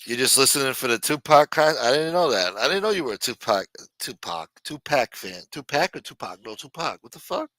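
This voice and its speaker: A man's voice: medium pitch, animated, fairly quick, hardly any pauses, sharp tone, no echo. A man hosting a livestream, telling stories in a rambling, profane, casual way. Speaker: livestream host.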